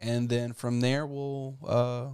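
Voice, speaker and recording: A man's voice: mid-range voice, little pitch movement, takes it slowly, darkish tone, clear, resonant tone. A man co-hosting a podcast, chatting casually and rambling, with many fillers and some swearing. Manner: rambling, laid-back, many fillers and profanity. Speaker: podcast co-host. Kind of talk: casual chat.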